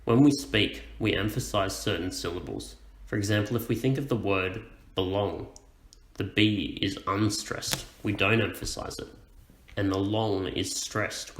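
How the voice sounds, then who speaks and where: A man teaching a lesson, explaining things slowly and clearly. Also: lowish voice, a bit bright, roomy sound, poor audio. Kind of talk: educational explainer.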